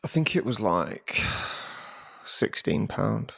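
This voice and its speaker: A man's voice: fairly low pitch, big pitch swings, takes it slowly, gravelly, a bit bright, no room sound, clean studio sound. A young man, co-hosting a podcast and telling a story animatedly, swearing casually and acting out other people's voices. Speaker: podcast co-host.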